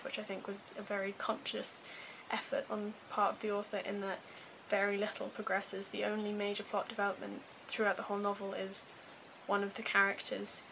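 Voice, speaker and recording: A woman's voice: mid-range voice, noisy background. A woman with a posh English accent giving a chatty, wry, self-deprecating book review. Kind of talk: casual book review vlog.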